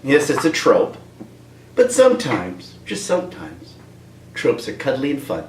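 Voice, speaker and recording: A man's voice: medium pitch, wildly swooping pitch, a little slow, a little hiss or hum. A man giving a rambling, comic rant at home, breaking into voices. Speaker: video creator. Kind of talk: comedic rant. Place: room at home with a dog. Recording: roomy, distant from mic.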